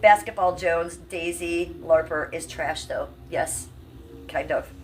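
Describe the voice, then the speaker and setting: Woman, fifties, low voice, chatty and salty livestreamer, slightly off-mic. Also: slow, far from the mic, poor audio. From Cleveland, US. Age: 50s. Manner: chatty, salty, talks to chat. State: coughing. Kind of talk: casual livestream chat. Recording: voice a bit off-mic, faint room hum.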